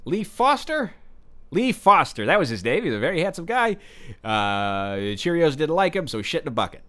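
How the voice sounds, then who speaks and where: Rambling comedic man with a lively swooping voice. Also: a little high. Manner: halting, stumbling over words with many fillers; absurd, self-important non sequiturs. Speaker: comedic podcast host playing an acting coach. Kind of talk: rambling deadpan comedy monologue.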